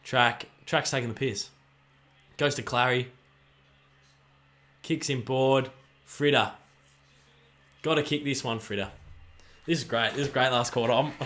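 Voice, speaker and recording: An excitable man with an Australian accent hosts a livestream, chatting casually while he cheers and groans at the players in a football match. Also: medium pitch. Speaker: livestream host. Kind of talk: live watch-along commentary and chat reading.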